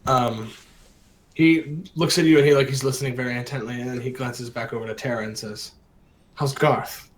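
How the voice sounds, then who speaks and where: A man's voice: medium pitch, fairly even intonation, fairly quick, poor audio. A man narrating as game master for a tabletop game in a loose, hesitant way full of fillers.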